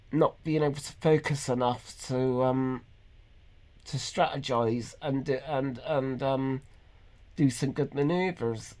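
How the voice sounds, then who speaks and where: A man in his fifties speaks with a lilt at an ordinary middle pitch. He talks haltingly, pausing and restarting often, in an earnest and emotionally raw way, as if confiding to the camera in a personal vlog. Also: dark tone. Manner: halting, hesitant, many pauses and restarts. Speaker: vlogger. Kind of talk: personal confessional monologue.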